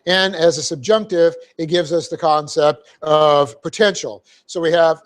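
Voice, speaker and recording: A man's voice: on the high side, steady tone, measured pace, hardly any pauses. A man preaching in a church, teaching a Bible verse methodically, spelling out Greek words letter by letter and often checking in with "okay?". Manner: frequent fillers and "okay?" check-ins. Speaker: pastor. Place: church sanctuary.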